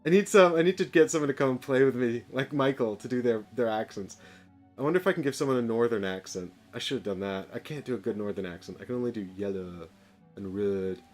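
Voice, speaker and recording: A man's voice: mid-range voice, fast, soft background music. A man narrating a solo board game session in a casual, hesitant way, with self-deprecating asides.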